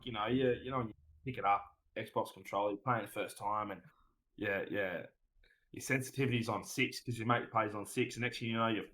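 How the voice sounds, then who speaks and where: A man's voice: fairly low pitch, fairly even intonation, fairly quick, fairly bright tone, a little hiss or hum, rough recording. A man with an Australian accent, a streamer guest on a casual podcast, who rambles through his stories, swears freely and keeps saying "mate".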